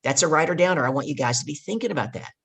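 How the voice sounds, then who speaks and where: A woman's voice: sits low, lively intonation, racing, a bit bright, breathy edge. A woman guest and life coach telling a coaching story with energy, hammering home her key points. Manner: emphatic, repeats key points.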